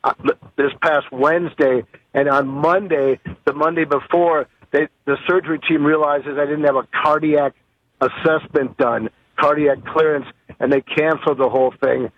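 A man's voice: fairly high pitch, fairly even intonation, normal speed, no room sound. A man calling a radio show and telling a chatty story. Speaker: caller. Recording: dry, dull phone line.

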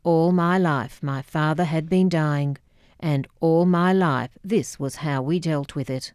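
Slow, wry woman reading a memoir. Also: deep voice, a little mellow, dry recording, studio quality. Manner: measured, wry. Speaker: memoir narrator.

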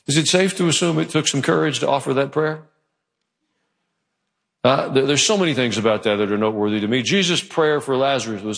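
Gravelly-voiced pastor preaching in a church. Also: male voice, mid-range voice, a little fast, pauses often. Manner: animated storytelling, acting out quoted voices. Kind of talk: sermon. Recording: long hall reverb.

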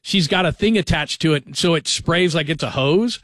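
A man in his forties hosts sports talk radio, chatting and cracking jokes in a slightly high voice. The studio sound is very dry and close, with no room echo. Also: moderate pace, a bit bright. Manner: chatty, joking, storytelling. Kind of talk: casual talk radio monologue.

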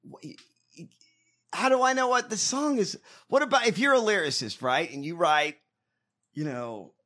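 A man co-hosting a comedy podcast, talking in a loud, profane, ranting way. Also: high voice, expressive, moderate pace. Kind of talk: casual profane comedic chat.

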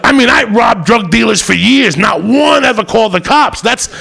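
A man doing stand-up, telling a loud, profane, rambunctious story. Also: sits high, expressive, normal speed, gravelly, breathy edge. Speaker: stand-up comedian.

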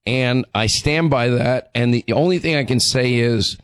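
A middle-aged man hosting a radio talk show, hoarse from losing his voice, talking emphatically and often restarting his sentences. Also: mid-range voice, a little slow, no room sound. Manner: emphatic, repeats words as he restarts.

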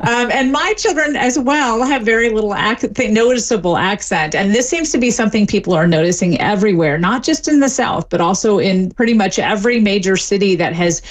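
A woman's voice: mid-range voice, a little fast, few pauses. A middle-aged woman, a linguistics professor, answering interview questions in an articulate, explanatory manner. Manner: articulate, explanatory, lightly laughing.

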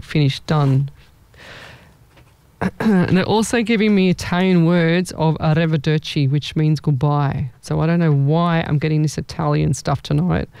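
Psychic host, rambling live-stream readings, warm and smooth. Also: mid-range voice, no room sound. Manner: chatty, rambling, thinks aloud.

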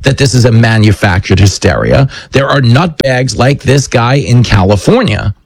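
A man hosting a political commentary show, delivering a brash, emphatic monologue with quick asides. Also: medium pitch, big pitch swings, slightly rough, no echo. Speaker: host.

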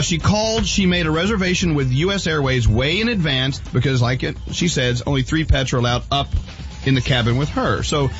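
Eager male radio host setting up a bit, slightly high voice, dull sound quality. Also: fairly bright tone. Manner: eager, chatty storytelling. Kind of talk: radio show chat.

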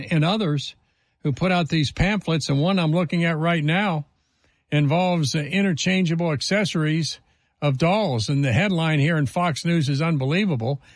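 A man's voice: a little high, dry recording. A man hosting a talk radio show, delivering an emphatic, indignant monologue full of rhetorical questions into a studio microphone.

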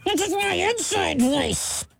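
A radio host voicing a cheery, squeaky falsetto greeter on a morning show. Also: male voice, animated, takes it slowly, heavily acted. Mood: chirpy. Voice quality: high squeaky gravelly falsetto. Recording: loud background noise.

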